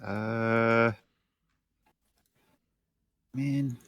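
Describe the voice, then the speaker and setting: A man's voice: mid-range voice, steady tone, extremely slow, fairly bright tone, no room sound, clean studio sound. A man playing a tabletop role-playing game, speaking casually and a little hesitantly. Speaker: player.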